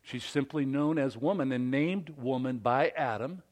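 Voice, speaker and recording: A man preaching a sermon who asks his listeners questions, rising on key words and then dropping low. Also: moderate pace, a little mellow. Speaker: pastor.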